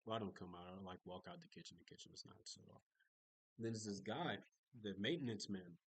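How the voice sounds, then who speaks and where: A man's voice: lowish voice, expressive, brisk, no room sound, poor audio. A young man telling stories in a casual video diary, rambling and chatty, full of fillers and restarts. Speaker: vlogger.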